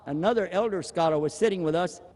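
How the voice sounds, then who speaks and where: A man delivers a sermon with an animated, humorous manner and often slips into acted-out exchanges. His voice sits fairly high for a man. Long reverb from a hall hangs on every phrase. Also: quick pace. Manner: animated, humorous, acts out dialogue. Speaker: preacher.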